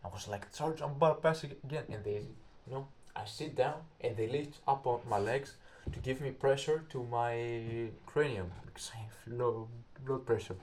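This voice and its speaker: A young man speaking English tells a story in a casual, rambling way, his voice at medium pitch with a slight hiss or hum in the background. He halts and searches for words, and he acts out quotes loudly.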